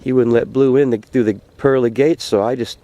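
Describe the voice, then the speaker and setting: A man's voice: medium pitch, fairly even intonation, a little fast, mellow, voice pushed up, natural voice. A man doing a folksy country hunter. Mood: earnest. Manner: folksy, earnest. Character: plain-spoken rural male hunter, devoted to his dog. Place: outdoors by a frozen lake.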